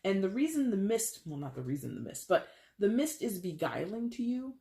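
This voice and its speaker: A tarot reader giving a reading to viewers, excitable and chatty, talking straight to the listener and often repeating words. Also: medium pitch, fairly quick, creaky. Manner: casual and chatty with restarts.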